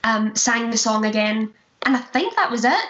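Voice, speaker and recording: A woman's voice: a little high, animated, moderate pace, fairly bright tone. A young Glaswegian woman, a stage performer, telling anecdotes in a chatty way, laughing often and acting out quotes. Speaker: musical theatre performer, guest. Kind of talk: casual chat, anecdotes. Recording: roomy, dull lo-fi sound.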